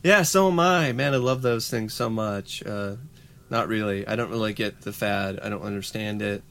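A man's voice: lowish voice, normal speed, fairly bright tone. A young man co-hosting a podcast, reading news stories aloud and joking sarcastically between them. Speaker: podcast co-host.

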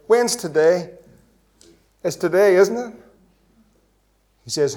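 A high-pitched male pastor preaches evangelistically with great passion, moving slowly and leaving long pauses. He asks rhetorical questions and shifts back and forth between loud and quiet delivery.

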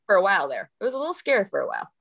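A woman in casual podcast conversation with a very lively, swooping voice at a middle pitch. She tells classroom stories animatedly. She often slips into other people's voices as she tells them. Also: very fast, gravelly. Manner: animated storyteller, acting out voices. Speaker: guest, elementary school teacher.

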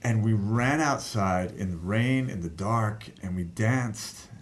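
A man telling a personal story in casual talk, animated, laughing at times and swearing freely. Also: lowish voice, slow. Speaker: guest telling a life story.

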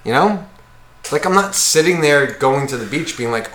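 A man, ranting in a casual podcast chat and swearing freely as he acts out other people. His voice is fairly high, bright and very lively in pitch. The room around him sounds echoey. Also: moderate pace, slight background noise. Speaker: podcast co-host.

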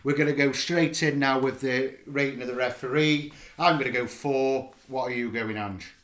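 A man's voice: medium pitch, fairly even intonation, moderate pace, fairly bright tone. Man, blunt, exasperated, football fan chat, roomy echo. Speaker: podcast co-host.

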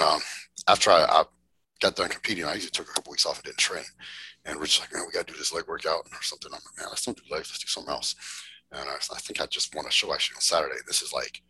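Cast: very low, raspy man, casual podcast storyteller, swears freely. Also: sharp tone, rough recording. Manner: laid-back drawl, swears freely, laughs through stories. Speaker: podcast guest, bodybuilder.

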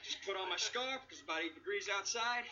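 A man's voice: sits high, lively intonation, quick pace. An actor playing a cocky young man who jokes and boasts on a ski trip, in a sitcom clip. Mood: joking. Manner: boastful, joking, upbeat. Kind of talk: sitcom acting. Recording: muffled TV clip with loud noise.

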